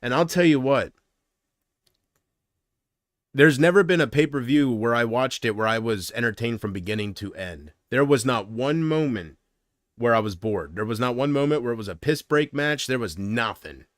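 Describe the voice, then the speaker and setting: A man's voice: mid-range voice, normal speed, dry recording, studio quality. A man hosting his own livestream, chatting casually in a rambling, profane way and laughing at his own jokes. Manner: breaks into loud mocking impressions. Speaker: livestream host.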